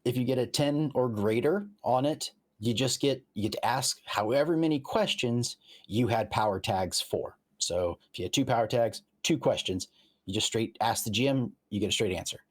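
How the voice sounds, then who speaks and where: At a moderate pace and in a mid-range voice, a game master talks casually through a tabletop game's rules. He breaks them down step by step with examples and keeps restarting his sentences.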